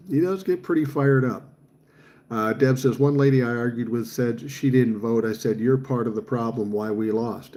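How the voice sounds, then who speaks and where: A man in his sixties with a dark, mellow voice talks through viewer comments on his livestream. He is blunt and profane, and his opinions come out fired up. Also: medium pitch, moderate pace. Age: 60s. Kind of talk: casual chat.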